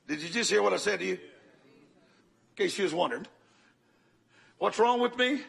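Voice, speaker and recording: An older man preaching a sermon, telling a story dramatically and swinging from loud bursts to hushed tones. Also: high voice, animated, normal speed, creaky, long pauses, slightly rough.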